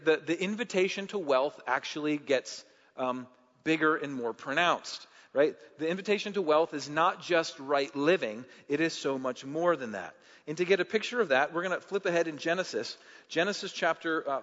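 A pastor delivers his sermon in a fairly high male voice, sometimes climbing into loud passion and sometimes easing into casual storytelling. The recording is a little dull and muffled. His words ring out with a long reverb, as in a large hall. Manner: rising to loud impassioned delivery, then easy conversational storytelling with fillers.

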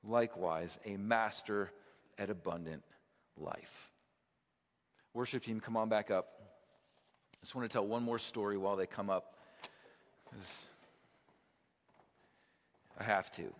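A man's voice: lowish voice, takes it slowly, long pauses. Man preaching in a reverberant hall. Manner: storytelling, builds to fervent, passionate peaks. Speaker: pastor. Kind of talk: sermon. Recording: dull sound in a hall with long reverb.

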